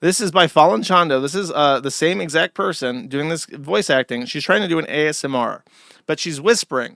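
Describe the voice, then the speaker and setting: Scornful man ranting, bright tone. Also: a little high, brisk, vocal fry, no echo, clean studio sound. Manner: scornful, profane, emphatic. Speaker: host. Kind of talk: commentary rant.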